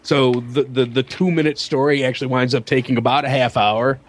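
A man co-hosting a podcast, telling a long anecdote in casual chat and acting out the people in it. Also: brisk. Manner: animated storyteller who slips into high-pitched quoted voices. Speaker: podcast co-host.

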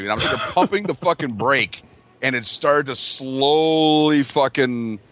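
A man's voice: medium pitch, measured pace, fairly bright tone. A man from the US Midwest telling a crude, exaggerated story for laughs among friends. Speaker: podcast regular.

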